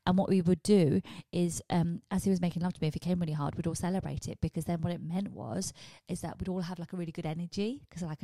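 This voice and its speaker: A woman with a fairly low voice hosts a comedy podcast as a rambling solo monologue, swearing freely as she goes. Her storytelling is animated. The sound is dry and close to the mic. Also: no echo. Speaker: podcast host.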